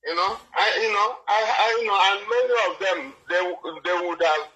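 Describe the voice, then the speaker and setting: A man calls in to a live program, his voice sitting a bit high and very bright and sharp. He talks soothingly but haltingly, leaning on filler words. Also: muffled recording. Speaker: caller. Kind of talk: phone call-in.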